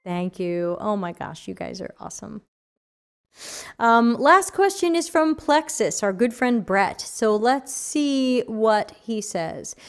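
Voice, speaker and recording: A woman hosting a casual livestream Q&A, chatty and animated, reading chat questions aloud, her voice tired after an hour of talking. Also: on the high side, takes it slowly, clear, resonant tone. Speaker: livestream AMA host.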